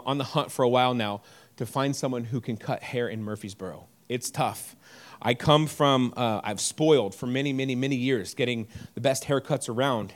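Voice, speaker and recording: A man preaching a sermon in a conversational way, telling a personal story with animated stretches and frequent restarts. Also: medium pitch. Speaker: pastor. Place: church service.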